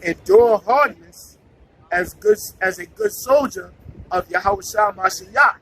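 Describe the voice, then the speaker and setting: A man reading scripture aloud slowly and deliberately for a study partner. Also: high voice, animated, fairly bright tone, slightly rough, low-quality recording. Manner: reads verses slowly and deliberately.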